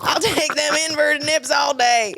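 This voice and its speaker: A woman voicing Harold, a crude, loud middle-aged husband who yells at his wife. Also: high voice, fairly even intonation, measured pace, vocal fry, music in the background. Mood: leering. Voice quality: shouty, crude.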